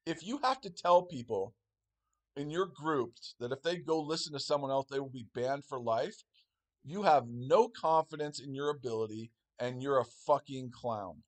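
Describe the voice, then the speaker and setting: A man's voice: mid-range voice, lively intonation, normal speed. A man co-hosting a live trading stream who rants in a sarcastic, profane way. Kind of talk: casual live-stream talk.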